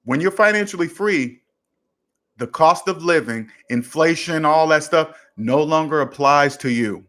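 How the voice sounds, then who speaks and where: A man with a slightly higher voice than most men hosts a casual livestream Q&A on money. He talks straight to his viewers, punches his points with short catchphrases, and repeats them for emphasis. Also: measured pace, fairly bright tone. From United States. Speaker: personal finance livestream host. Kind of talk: casual livestream Q&A, reading chat questions.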